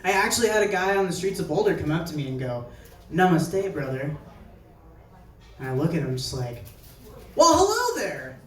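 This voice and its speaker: A man's voice: on the high side, racing, few pauses, recorded from a distance. A young man from New Jersey performing a stand-up set at a live show, telling stories in a chatty, conversational way and acting out the people he quotes. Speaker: stand-up comedian. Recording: echoey venue heard from afar.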